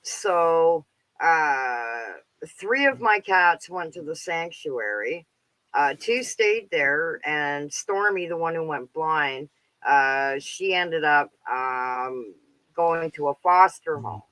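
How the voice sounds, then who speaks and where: A man's voice: on the high side, lively intonation, takes it slowly, pushed and bright, smooth, no echo, poor audio. A Canadian man in his fifties chatting casually as a caller, rambling with plenty of filler words. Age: 50s. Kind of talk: casual chat.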